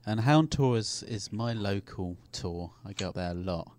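A man's voice: lowish voice, lively intonation, normal speed, darkish tone, no echo. A man co-hosting a casual podcast, telling rambling local anecdotes. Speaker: podcast co-host. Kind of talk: casual group chat.

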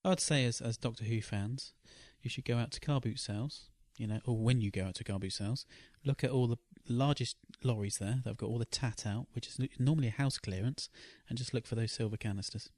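A man's voice: medium pitch, a little fast, hardly any pauses, a little mellow, no echo, studio quality. A man co-hosting a podcast, talking casually and offering opinions. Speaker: podcast co-host.

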